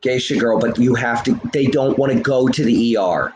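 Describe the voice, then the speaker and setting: Smoking as he talks, a livestreamer in a middle-pitched voice delivers a heated, profane rant straight to his live chat, lecturing viewers expressively at normal speed. His room is echoey, with a faint ambient hum.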